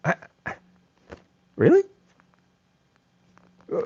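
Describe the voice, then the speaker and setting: Male livestream host, mocking and blunt, very animated delivery, dull dry sound. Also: medium pitch, normal speed, long pauses, no room sound. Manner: blunt, combative, mocks chatters by name. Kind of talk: live-stream rant reading chat.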